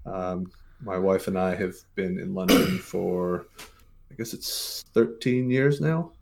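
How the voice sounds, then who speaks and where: A man's voice: sits low, lively intonation, slow, vocal fry, a little mellow. An American man in his forties, a podcast guest, telling stories casually with many fillers and restarts. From Mississippi, USA. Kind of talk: casual interview storytelling.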